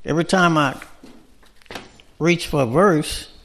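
A man with a fairly high, fairly bright voice preaches a sermon at a slow pace. He speaks conversationally to the congregation, checking in often with rhetorical questions.

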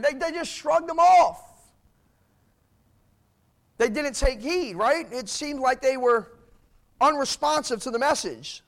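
A man's voice: very high voice, animated, takes it slowly, long pauses. A man preaching a sermon, reading old-style scripture aloud and driving points home with emphatic repetition.

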